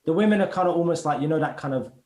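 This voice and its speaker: A man's voice: on the high side, rapid-fire, roomy sound, rough recording. A man, a podcast guest chatting casually in heavy street slang and acting out other people's voices as he tells stories. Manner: animated storyteller, acts out other people's voices.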